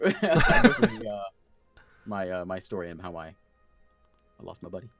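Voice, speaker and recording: A man's voice: deep voice, sing-song, measured pace, fairly bright tone, soft background music. A man playing a tabletop game, describing his character's actions with hesitant restarts. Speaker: player.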